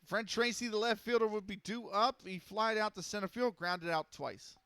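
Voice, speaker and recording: Streamer man, slightly high voice, dry close sound, steady play-by-play with ums and self-corrections. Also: smooth, dry recording. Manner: steady, measured calls with frequent fillers and self-corrections. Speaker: streamer calling a simulated baseball game. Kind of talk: casual play-by-play commentary.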